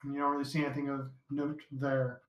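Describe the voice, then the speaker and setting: A man narrating a tabletop game as dungeon master, easygoing and halting, with many fillers. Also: medium pitch, monotone, reverberant, dull audio.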